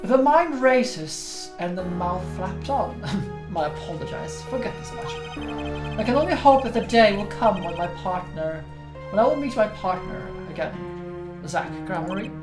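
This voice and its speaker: A woman's voice: mid-range voice, animated, measured pace, natural voice. Woman playing a pompous middle-aged male magician, theatrical and formal, roomy sound with music bed. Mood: wistful. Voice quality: grandiose, formal theatrical delivery. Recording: roomy with game music behind.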